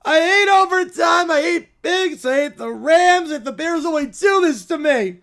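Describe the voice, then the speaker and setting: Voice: extremely high pitch, unhurried, darkish tone. A streamer voicing a whiny toy bear, a football fan who sobs and wails over a loss, in a comedy skit on a live stream. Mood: wailing. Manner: sobbing, wailing complaints.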